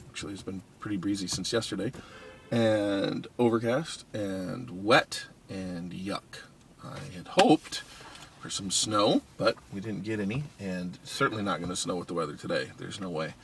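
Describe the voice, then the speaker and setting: A man with a fairly low voice talks to camera in a loose, rambling morning vlog. He is tired and keeps yawning, and his thoughts wander through ums and restarts. He records on a handheld device, with faint ambient noise behind him. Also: unhurried, creaky. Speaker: vlogger. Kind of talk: casual morning vlog chat. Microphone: iPod Touch camera.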